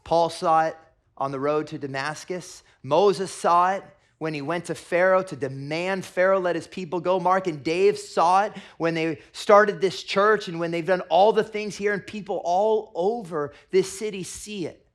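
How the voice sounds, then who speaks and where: A middle-aged man, a pastor, preaching a sermon and telling stories, going from hushed to loud and excited. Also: sits high, moderate pace. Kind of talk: sermon with storytelling.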